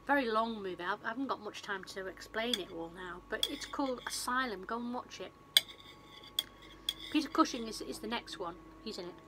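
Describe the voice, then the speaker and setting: A woman's voice: on the high side, fairly quick, heavy background noise. A woman chatting on her vlog, rambling through a film plot with lots of fillers and restarts, recorded on a phone. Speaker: vlogger and film reviewer. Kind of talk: casual retelling of a film plot.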